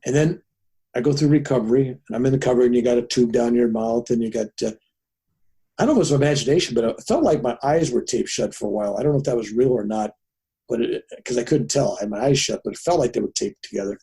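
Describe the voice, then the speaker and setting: A man in his seventies speaks as a podcast guest, telling his story with animated flair. He acts out the other people in it. His voice is dark and a little husky. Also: medium pitch, fast. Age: 70s.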